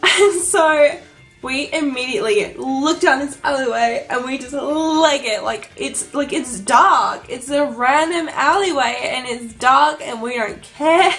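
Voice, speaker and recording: A young woman telling an excited vlog story, gushing and breathless, full of "like" and "oh my god". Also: sits high, a little slow, faint music behind. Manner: gushing, breathless, heavy use of "like". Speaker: vlogger.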